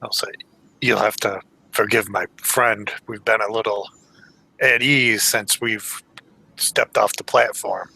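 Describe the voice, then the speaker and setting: Gravelly, slow-speaking man. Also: fairly low pitch, steady tone, bright, forceful tone, poor audio. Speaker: player. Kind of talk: tabletop game play.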